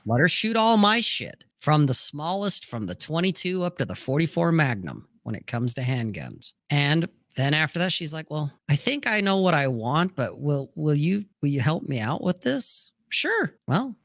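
A man hosting a casual talk show tells stories with plenty of swearing. His voice has a gravelly, crackly edge and a slightly high pitch that swings widely. The sound is dry and close to the mic. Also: dry recording. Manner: profane, animated storyteller. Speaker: podcast host. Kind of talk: casual storytelling chat.

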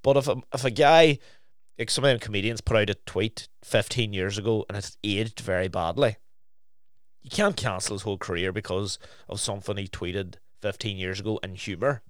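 A man's voice: lowish voice, normal speed, dry recording, studio quality. A young man, chatting as a podcast co-host and telling stories animatedly, with a lot of swearing. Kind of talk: casual chat.

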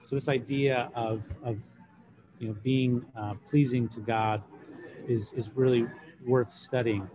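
A man's voice: medium pitch, a little slow, a crowd in the background. Man teaching Greek grammar in class. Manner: relaxed, explanatory, many fillers and restarts.

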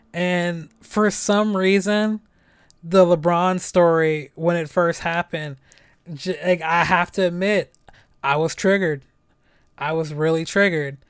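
A man's voice: on the high side, clear, resonant tone, dry recording. A young man hosting a casual solo podcast, loose and chatty with lots of fillers and swearing. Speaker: podcast host.

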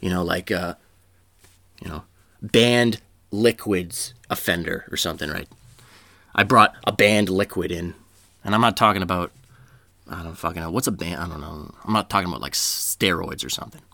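A man's voice: deep voice, moderate pace, vocal fry, long pauses, bright, forceful tone, no room sound. A man telling a comedic story in a rambling, profane way, laughing at his own jokes.

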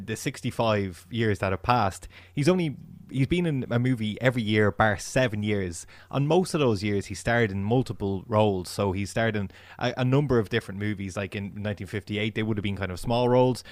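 A man with a fairly low voice co-hosting a casual film podcast, steadily listing facts and years. The sound is close and dry. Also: expressive, a little fast, hardly any pauses, no echo. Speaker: podcast co-host.

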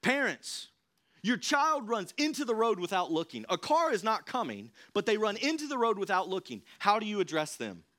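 A young man preaching a sermon in a church, in a conversational, animated way. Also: high voice, moderate pace. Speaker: pastor. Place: church sanctuary.

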